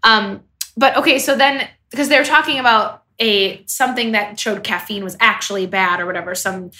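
Bright-voiced young woman chatting. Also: medium pitch, normal speed. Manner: enthusiastic, laughs often, swears casually. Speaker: podcast co-host. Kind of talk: casual chat recapping a TV episode.

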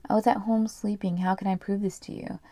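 A woman's voice: mid-range voice, flat delivery, brisk, warm tone, dry recording, lightly acted. Woman reading as a pleading jailed husband. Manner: pleading, desperate. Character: pleading male prison inmate husband.

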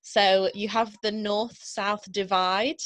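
A woman's voice: mid-range voice, flat delivery, slow, a bit bright. A young woman from the English Midlands with a Midlands accent, chatting casually as a podcast co-host and laughing often. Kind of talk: casual chat.

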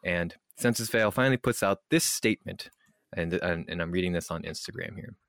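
Man, podcast co-host, casual rambling chat, deep voice, dry room. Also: brisk, gravelly, fairly bright tone, dry recording. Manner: rambling, filler-heavy, mock-formal when reading aloud.

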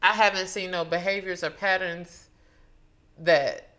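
A woman co-hosting a podcast laughs during casual chat. Her voice is lowish and fairly bright, with fairly even intonation and an unhurried pace.

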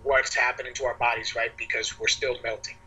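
A young man on a podcast telling a wild party story in casual chat, animated and laughing often, acting out quoted voices in a high pitch. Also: brisk, slightly rough, poor audio. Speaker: podcast co-host.

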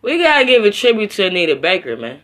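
A man's voice: high voice, wildly swooping pitch, fast talker, fairly bright tone. A young man hosting a solo podcast in a loose, profane, rambling way, talking straight at his listeners and ending lines with slang tags like bro and my friend. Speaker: podcast host. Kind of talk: casual solo podcast rant.

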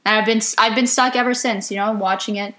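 A woman's voice: medium pitch, fairly even intonation, fast talker, noisy background. A woman hosting a casual chat, talking loosely with lots of fillers and frequent laughter. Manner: chatty, heavy on "you know" and "like", laughs often. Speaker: podcast host.

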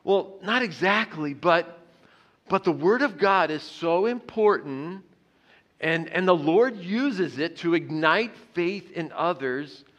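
An earnest male pastor delivers a sermon in a bright, ringing voice that sits a little high for a man. He repeats himself as he builds a point and lets his voice drop softly on the key phrases. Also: expressive, takes it slowly, highs cut off.

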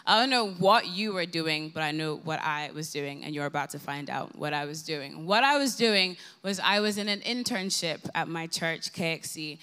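A young Irish woman preaching at a live worship gathering, telling a personal story in an animated, humorous way and repeating phrases for emphasis. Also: low voice, normal speed, few pauses, clear, resonant tone. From Ireland. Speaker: guest speaker.

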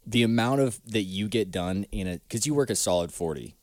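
A man's voice: fairly low pitch, expressive, fairly quick, no echo. A man co-hosting a podcast in casual, joking chat, rambling and laughing often. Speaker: podcast co-host. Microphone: studio microphone with low cut.

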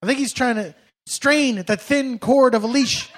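A man's voice: very high-pitched, normal speed. A man doing a comic monologue, sarcastic and mock-formal, often laughing as he talks. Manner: laughs through his words. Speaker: comedian.

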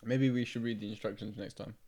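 A man's voice: fairly low pitch, fairly even intonation, quick pace, heavy background noise. A young man chatting casually and teasing his friend while playing a game. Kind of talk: casual chat.

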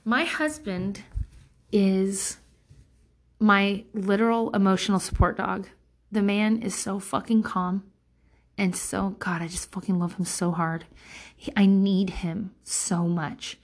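A vlogger in her thirties delivers a candid, rambling personal monologue full of fillers and restarts, blunt, emotionally intense and swearing freely. Her voice is medium-pitched, steady in tone and slow.

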